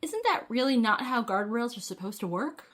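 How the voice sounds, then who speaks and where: Female podcast co-host from New England, wry interjections, a bit high-pitched. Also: lively intonation, normal speed, crowd noise. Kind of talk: casual chat.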